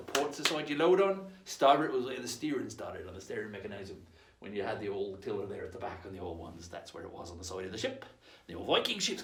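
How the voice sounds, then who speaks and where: Boisterous Australian pirate-captain presenter. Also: male voice, fairly high pitch. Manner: boisterous, laughing, call-and-response shouts. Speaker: pirate-themed children's presenter. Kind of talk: playful pirate lesson for kids. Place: aboard an old sailing ship in a harbour. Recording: echoey sound from a distant mic.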